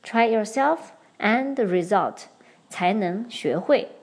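A young woman hosting a podcast lesson, explaining Chinese patterns clearly and switching between English and Mandarin. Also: medium pitch, lively intonation, slow pace. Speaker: podcast host and Chinese teacher. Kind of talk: bilingual language lesson.

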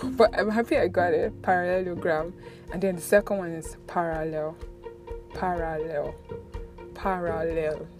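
A young Nigerian-accented woman talks casually to her viewers, telling stories in an animated way. She laughs a lot and often repeats words. Background music plays clearly underneath her voice. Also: fairly low pitch, brisk. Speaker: vlogger. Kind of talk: casual chatty storytelling.

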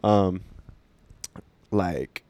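A man's voice: sits low, drawn-out words, a little mellow, no echo. A young man telling stories in casual chat, rambling with lots of fillers and swearing.

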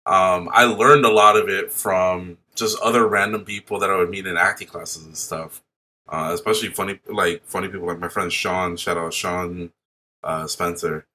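A young man co-hosting a podcast who tells stories excitably and swears freely. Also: low voice, moderate pace. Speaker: podcast co-host. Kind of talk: casual chat.

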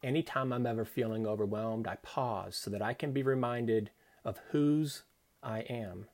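A man's voice: mid-range voice, moderate pace, a little mellow. Earnest man giving a devotional talk. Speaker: Christian speaker.

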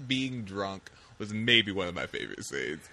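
A man's voice: low-pitched, big pitch swings, moderate pace, creaky, a crowd in the background. A young man hosting a casual podcast chat, playful and laughing often as he talks. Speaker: podcast host.

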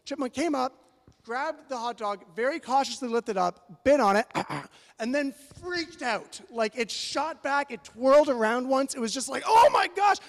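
A man preaching a sermon as pastor, telling a story in an animated, playful way. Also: very high voice, a little slow. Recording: long hall reverb.

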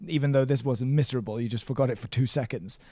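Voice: medium pitch, fast, dark tone, no echo. A language teacher leading a one-on-one lesson, patient and playful, drilling words by repeating them.

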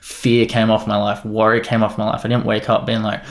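A man's voice: on the low side, monotone, fairly quick, vocal fry. A young man casually sharing his faith story, earnest and rambling, with lots of "like" and "you know". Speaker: guest sharing faith testimony. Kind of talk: casual faith testimony chat.

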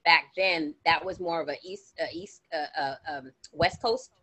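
A woman's voice: sits low, unhurried, bright, forceful tone, husky. A woman co-hosting a casual podcast, rambling and restarting her sentences often. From grew up partly in Florida. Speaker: podcast co-host. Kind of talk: casual chat.

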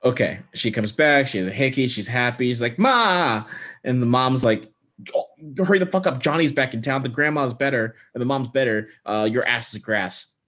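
A man co-hosting a movie podcast, summarizing the plot casually with sarcastic asides and quick quoted lines. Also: mid-range voice, a bit bright. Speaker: podcast co-host. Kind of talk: casual chat recapping a movie.

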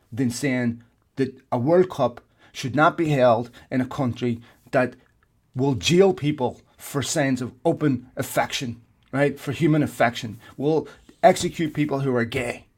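A man co-hosting a podcast, ranting in heated casual chat and swearing often. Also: mid-range voice. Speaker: podcast co-host.

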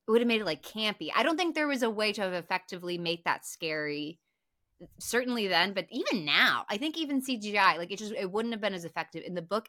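A young woman co-hosts a podcast and retells a film scene by scene, chatty and animated, with frequent swearing and restarts. Her voice sits somewhat low but sounds bright and forceful. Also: no echo, clean studio sound. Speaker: podcast co-host. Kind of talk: casual chat recapping a film.

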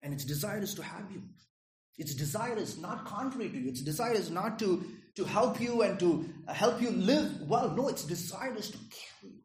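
A man's voice: high-pitched, animated, moderate pace. A man preaching a sermon in a conversational way, often checking in with "Right?" and "Okay?". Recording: echoey room.

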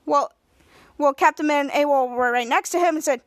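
A woman podcast host casually recapping a TV episode. She talks in a halting, stumbling way, restarting and repeating words. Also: sits high, no echo.

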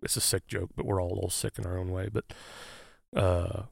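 A man speaks in a lower register, recounting events in an earnest, halting way. His sound is close and dry, with no room in it. He talks casually, as if to a friend across the table. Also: flat delivery, creaky, husky, no room sound. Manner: halting, many "uh" fillers, earnest. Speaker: guest, firefighter. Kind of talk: casual conversational storytelling.

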